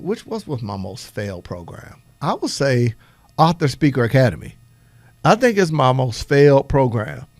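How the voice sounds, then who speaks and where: Energetic preacherly podcast host, man. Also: mid-range voice, dry recording. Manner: energetic, preacherly, laughs often. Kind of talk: motivational business talk.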